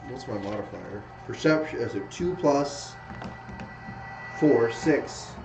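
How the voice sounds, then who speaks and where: A man's voice: mid-range voice, animated, slow, creaky, roomy sound, recorded from a distance, over music, low-quality recording. A man playing a tabletop game, declaring his character's actions in the third person. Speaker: player. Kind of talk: casual tabletop game play.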